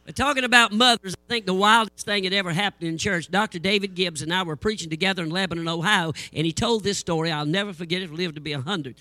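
An older preacher with a high, piercingly bright voice spins folksy church stories. He acts out the people in them with lively energy, and the sound is close and dry. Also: fast talker, hardly any pauses, dry recording. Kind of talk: humorous sermon storytelling.

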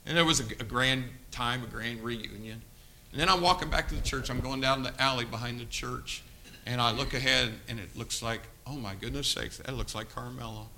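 A man preaching, with a very bright, tense tone. He tells a story in hushed, quiet passages, then breaks into loud, urgent appeals to his listeners. A faint hiss sits under the recording. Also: medium pitch, fairly quick, rough recording. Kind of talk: sermon storytelling.

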